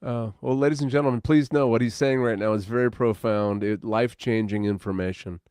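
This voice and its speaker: A man's voice: medium pitch, fairly even intonation, brisk, darkish tone, clear, resonant tone, no room sound, clean studio sound. A man co-hosting a podcast in casual banter, teasing and playful. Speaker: podcast co-host.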